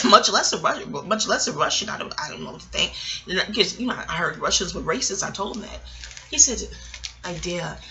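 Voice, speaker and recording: Bright-voiced New York woman telling stories. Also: medium pitch, expressive, fairly quick. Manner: candid, rambling, profane, chuckles as she talks. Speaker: memoir storyteller. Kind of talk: casual storytelling to camera.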